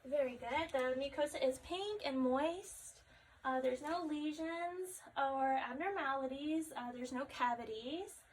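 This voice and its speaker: A woman conducting a step-by-step health assessment, calmly asking questions and repeating the answers back. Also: sits high, unhurried. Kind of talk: clinical health assessment demonstration. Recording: distant mic with faint background noise.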